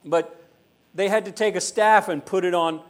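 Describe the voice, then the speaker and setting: Man preaching with slow, emphatic repetition. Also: high-pitched, steady tone. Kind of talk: sermon.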